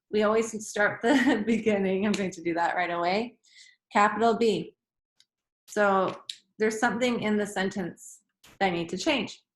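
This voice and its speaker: A woman teacher giving a grammar lesson to children, acting out sentences in different tones of voice. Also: mid-range voice. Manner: expressive, acts out sentences in varied tones. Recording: echoey room.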